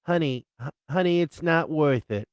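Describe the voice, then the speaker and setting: A man's voice: a little high, moderate pace, clean tone, no echo, voice pushed up, lightly acted. A man voicing a caring woman who talks in a soothing drawl.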